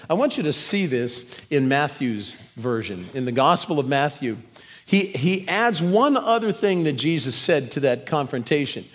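A man's voice: on the high side, very animated, moderate pace, big-room sound. A man preaching a sermon, earnest and emphatic, often repeating words as he builds a point. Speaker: pastor.

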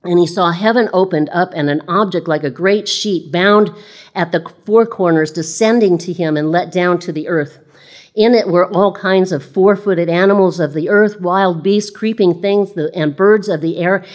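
A woman's voice: fairly low pitch, moderate pace, a little mellow. A woman preaching a sermon in a conversational way, reading scripture aloud and repeating phrases.

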